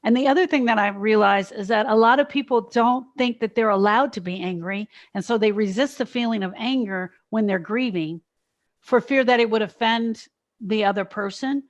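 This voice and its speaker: A woman's voice: on the high side, moderate pace, lo-fi sound. A middle-aged woman co-hosting a podcast, talking in a reflective way and thinking aloud in casual conversation. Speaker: podcast co-host, grief specialist.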